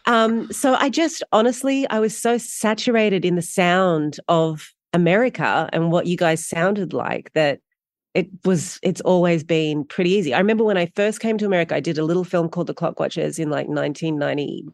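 A middle-aged woman with an Australian accent, a guest actor telling stories in a casual interview, animated and quick in bursts, laughing often. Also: on the low side, dry recording, clean studio sound.

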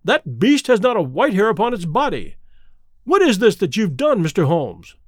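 A man reading aloud as a proud, excitable colonel with a brusque manner. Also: high-pitched, moderate pace, dry recording, clean studio sound, exaggerated voice. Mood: agitated. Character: proud, agitated older male colonel, horse owner.

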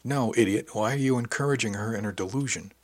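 A man's voice: lowish voice, fast talker, dry recording, close to an everyday voice. A man voicing a blunt, skeptical young male spacer in an audiobook.

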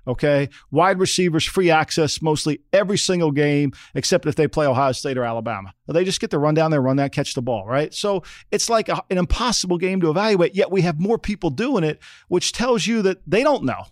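A man's voice: a little high, fairly quick, hardly any pauses, no echo, studio quality. A middle-aged man co-hosting a football podcast, talking in an emphatic, repetitive way and often checking in with "okay?". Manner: emphatic, repeats points, says "okay?" often. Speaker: podcast co-host, former NFL front office. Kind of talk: casual sports talk.

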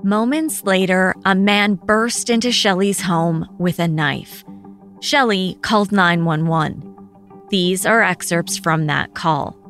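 A woman narrating a documentary in a grave, measured scripted style. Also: on the low side, fairly bright tone, faint music behind.

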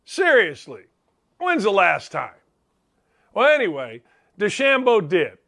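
A man's voice: high voice, sing-song, unhurried, sharp tone. A middle-aged man hosting a sports talk show, delivering a brash, rambling monologue and calling out to chat viewers.

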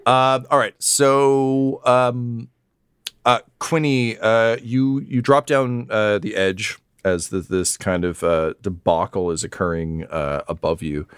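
A man with a low voice guides a tabletop game as its game master. He rambles and jokes with many ums and uhs, and the sound is dry and close. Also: fairly even intonation, slow, clean tone, no echo. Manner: rambling, joking, lots of fillers. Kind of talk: narrating a tabletop game podcast.

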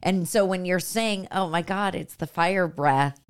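A woman's voice: on the low side, measured pace, clean tone. Woman in her thirties, podcast host, effusive, emotional, casual swearing. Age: 30s.

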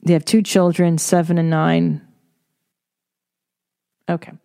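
A woman's voice: on the low side, little pitch movement, takes it slowly, warm tone, no echo, studio quality. A woman hosting her own podcast, ranting casually in a blunt, profane way. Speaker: podcast host. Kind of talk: solo podcast rant. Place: home recording studio.

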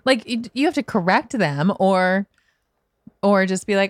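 A woman's voice: mid-range voice, a little slow, dry recording, clean studio sound. A woman guest on a podcast, talking casually and acting out her own worries with laughter. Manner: animated, laughing, acts out her own panic. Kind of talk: casual chat.

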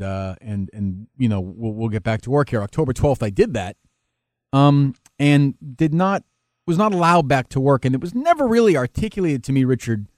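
Man, radio host as interview guest, halting restarts, emotional, dry close sound, mid pitch. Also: a little mellow, no echo. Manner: halting, many restarts, emotional and self-critical. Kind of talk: candid interview conversation.

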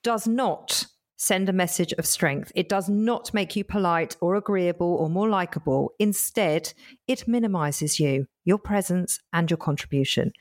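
A woman's voice: on the low side, a little slow. A woman who works as a coach, co-hosting a casual podcast chat and leading the talk in an emphatic, direct way. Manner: leads the segment, emphatic and direct.

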